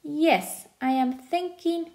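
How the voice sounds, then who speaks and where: A woman's voice: sits high, a little mellow, voice pushed up. Woman putting on a tired frail grandad. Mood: weary. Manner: weary, slow, halting.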